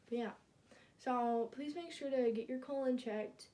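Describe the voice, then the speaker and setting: A woman with a mellow, warm tone talks through a class presentation. She stumbles often, fills gaps with um and like, and restarts words partway through. Her pitch lifts when she reads out each new question. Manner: halting, many ums and likes, self-corrects mid-word. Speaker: student presenter.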